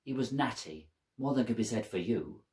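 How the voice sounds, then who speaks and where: A man voicing his elderly mother in her seventies, sharp-tongued and jealous, in a home-made stage monologue. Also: normal speed, reverberant, close to an everyday voice. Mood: bitter. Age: 70s. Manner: tart, scolding, lively swings in pitch.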